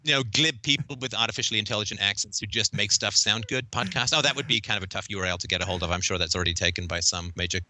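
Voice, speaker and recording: Male guest, articulate and teasing, rapid delivery, bright forceful tone. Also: on the low side. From Canada. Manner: wry, joking, articulate. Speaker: guest podcaster. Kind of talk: casual interview chat.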